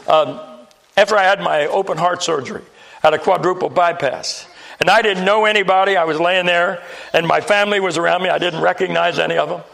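Male preacher, high gravelly voice, folksy sermon storytelling with humor, church pulpit. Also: fairly bright tone.

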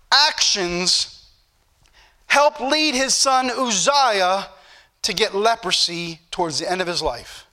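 High bright-voiced preacher man. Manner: preachy, repetitive emphasis. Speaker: pastor. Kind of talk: sermon.

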